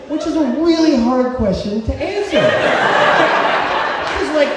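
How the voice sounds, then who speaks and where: A man in his thirties rambles through a live personal story, stumbling and piling up fillers. His voice sits high, with long hall reverb. A distant mic catches him over steady room hum. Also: slow. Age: 30s. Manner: rambling, stammering, filler-heavy. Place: stage at a cultural center.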